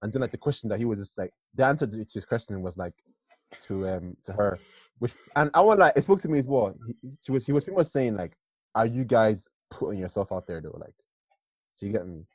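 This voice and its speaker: A young man on a casual podcast, teasing and animated, often repeating himself. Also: fairly low pitch, quick pace, husky, dry recording, muffled recording. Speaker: podcast co-host. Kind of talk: casual chat.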